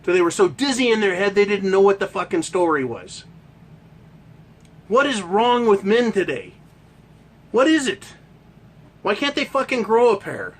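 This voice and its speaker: High-voiced man ranting profanely. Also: big pitch swings, moderate pace, long pauses, breathy edge. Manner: profane, heckling, rhetorical questions. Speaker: podcast host. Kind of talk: ranting monologue.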